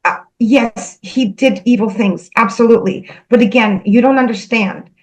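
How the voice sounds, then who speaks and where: A woman earnestly recounting a spiritual experience, halting and repeating herself, emotional as she goes. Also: on the high side, a little mellow, low-quality recording. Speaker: spiritual channel host. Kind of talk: personal spiritual storytelling.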